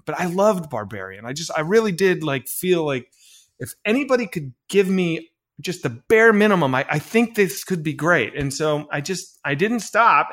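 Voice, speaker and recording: Chatty man telling a story. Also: on the high side. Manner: animated anecdote-telling with many fillers and restarts; acts out quoted dialogue. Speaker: filmmaker guest. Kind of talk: casual storytelling interview.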